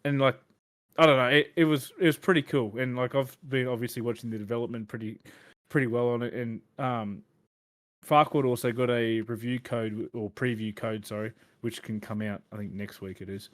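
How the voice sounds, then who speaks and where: Aussie guy hosting a gaming podcast, chatty and meandering, average pitch. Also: fairly even intonation, a little fast. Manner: rambling, filler-heavy gamer chatter. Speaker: podcast host. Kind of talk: casual chat.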